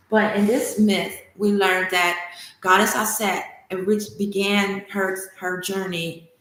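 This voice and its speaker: Bright-voiced woman hosting a spiritual livestream. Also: on the low side. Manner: animated, enthusiastic, storytelling. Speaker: spiritual study host. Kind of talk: livestream teaching chat. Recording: echoey room.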